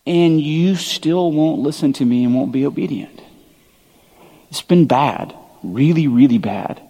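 A man in his thirties preaching a sermon, telling stories in a conversational, animated way with quick asides. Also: a little high, slightly rough. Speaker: pastor. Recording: long hall reverb.

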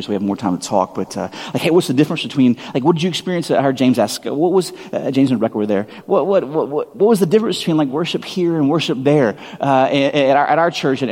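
A male pastor gives a loose, chatty sermon, stumbling over fillers and restarts before building into animated stretches. His voice carries a husky edge, and it rings out with the long reverb of a big hall. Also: mid-range voice.

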